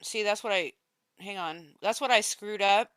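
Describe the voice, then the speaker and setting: Bright, crisp woman commenting. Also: mid-range voice, normal speed, no echo. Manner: exasperated, talks straight to viewers. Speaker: co-host of a commentary show. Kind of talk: casual drama commentary.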